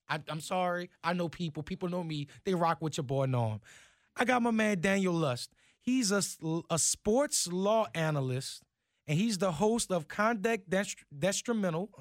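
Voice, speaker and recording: A man's voice: a little high, no room sound, clean studio sound. A man with a Cajun accent hosting a sports talk show, who talks in a casual, hyped way and stumbles over words.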